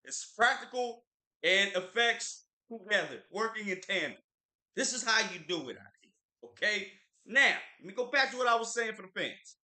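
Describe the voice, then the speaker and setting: Animated man with a bright, high voice. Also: moderate pace, echoey room. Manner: animated, opinionated, repeats words for emphasis. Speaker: livestream co-host. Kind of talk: casual pop-culture chat.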